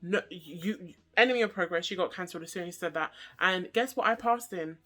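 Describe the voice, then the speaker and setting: A young woman chats straight to camera, her voice bright and sharp-edged. She keeps it animated and jokey, full of slang and quick asides, like a casual storytime vlog. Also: fairly low pitch. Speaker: vlogger.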